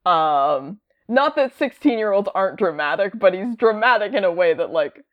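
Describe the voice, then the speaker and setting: Woman co-host, casual rambling chatter full of fillers, dull lo-fi recording, mid pitch. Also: normal speed. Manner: rambling, many fillers, animated quoting. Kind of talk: casual chat about comics.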